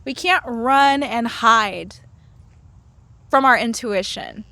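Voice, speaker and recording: A woman's voice: on the high side, takes it slowly, pushed and bright, no echo. A woman guest in a casual interview, speaking playfully and laughing often. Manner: playful, laughs often, acts out inner voices. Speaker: podcast guest, herbal medicine lecturer.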